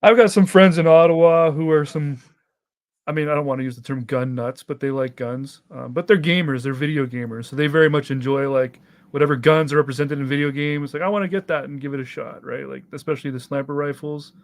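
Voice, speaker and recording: A man's voice: fairly high pitch, fairly even intonation, a little fast. A man with a Canadian accent, talking casually as a panelist on an online discussion, loose and chatty with lots of fillers.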